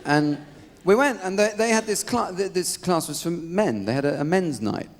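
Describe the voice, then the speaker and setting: A man with an English accent doing a live stand-up routine on a theatre stage, telling stories in a dry, deadpan way. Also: sits high, normal speed. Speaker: stand-up comedian. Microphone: stage microphone. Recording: live theatre recording with crowd and noise. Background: audience laughter.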